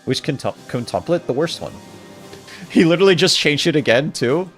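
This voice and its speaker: A man's voice: a little high, animated, normal speed, a bit bright, soft background music. A male streamer chatting casually with his viewers while playing, stuttering and joking around. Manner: stuttering, jokey, apologetic.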